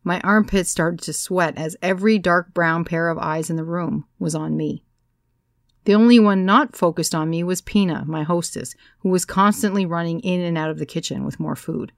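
A woman reads a first-person story aloud with measured, wry pacing. Her voice sits low and gravelly, and the sound is dry and close. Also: dry recording. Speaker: audiobook narrator. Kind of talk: first-person scripted narration.

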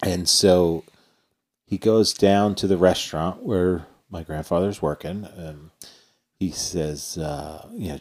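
A man's voice: low-pitched, steady tone, takes it slowly, slightly rough. A man co-hosting a podcast, telling a family story in a rambling way with many fillers. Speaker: podcast co-host. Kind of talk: casual anecdote telling.

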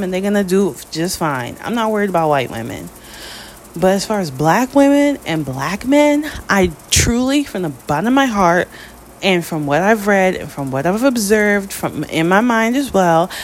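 An American woman delivering a spoken opinion monologue, emphatic, with her pitch rising on key points. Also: slight background noise. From United States.

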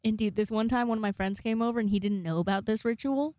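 A woman's voice: a little high, fast, a little mellow, no echo, clean studio sound. A young woman in her twenties telling rambling, jokey, profane stories to camera in a casual vlog. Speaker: vlogger.

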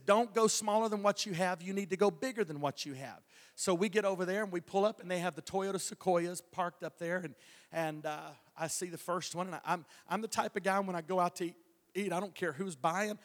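A man's voice: sits high, a bit bright. A male evangelist telling a testimony from the pulpit, folksy, with stammering restarts and chuckles. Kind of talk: preaching a testimony. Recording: long hall reverb.

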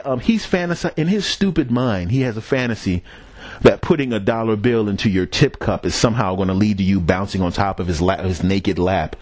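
Lively, profane man riffing solo. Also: lowish voice, no echo. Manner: profane, rambling storytelling with frequent restarts; chuckles at his own jokes. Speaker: podcast host. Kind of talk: casual solo monologue.

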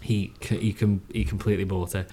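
A man in casual film chat as a podcast co-host, excitable and quick to laugh. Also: lowish voice, slightly rough.

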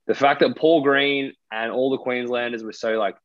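A man's voice: mid-range voice, steady tone, moderate pace, fairly bright tone, no room sound. A young man with an Australian accent co-hosting a casual podcast, rambling with lots of fillers and restarts. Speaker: podcast co-host. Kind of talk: casual chat. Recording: dry, dull lo-fi sound.

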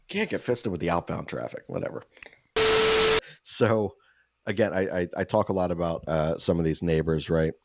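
A man's voice: deep voice, lively intonation, moderate pace, pauses often, darkish tone, highs cut off. A man co-hosting a podcast, telling crude stories in casual chat and cursing freely. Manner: crude, joking storyteller who curses freely. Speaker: podcast co-host.

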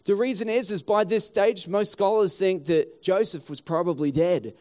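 Male pastor, higher voice, animated sermon delivery. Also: normal speed. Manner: animated preaching, acts out townspeople in quotes.

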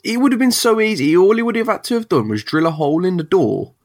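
A man chats about comics with a lively, bouncy pitch and keeps laughing as he goes. His talk is loose and slangy. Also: fast talker. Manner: giggly, animated, slangy. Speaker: podcast co-host. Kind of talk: casual comic-book chat.

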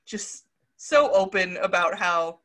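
Bright-voiced woman podcast host. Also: mid-range voice, animated, slow pace. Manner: giggly and self-conscious, refuses to do accents. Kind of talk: casual podcast chat reading out quiz quotes.

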